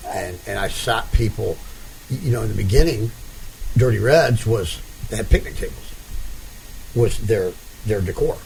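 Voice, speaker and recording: Lowish guy chatting, rambly storyteller, lots of restarts, faint hiss behind. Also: lively intonation, moderate pace, creaky, a little mellow, poor audio. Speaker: interviewer. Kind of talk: casual conversation.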